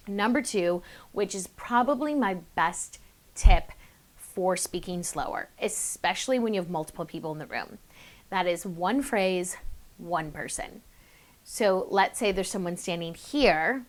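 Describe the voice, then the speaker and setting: A young woman giving public speaking tips straight to camera, in a chatty, upbeat way with quick bursts and self-aware asides. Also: fairly low pitch, expressive, a bit bright. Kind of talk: casual to-camera tips video.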